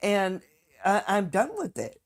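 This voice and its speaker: A woman's voice: mid-range voice, very animated, unhurried. A woman streaming live, talking bluntly and with heavy profanity as she rants straight to her viewers. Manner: fired-up ranting to viewers. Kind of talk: casual live-stream chat.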